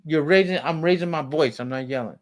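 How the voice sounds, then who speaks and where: A man in a heated family argument as a father, talking in a raised, forceful, lecturing way. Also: a little high, a little fast. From United States.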